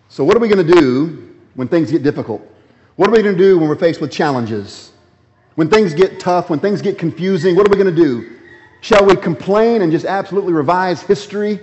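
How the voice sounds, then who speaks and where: A man's voice: animated, fairly quick. Man preaching in an echoing hall. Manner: acts out quoted complaints in raised voice, then drops low and quiet. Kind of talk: sermon. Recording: dull lo-fi sound in a reverberant hall.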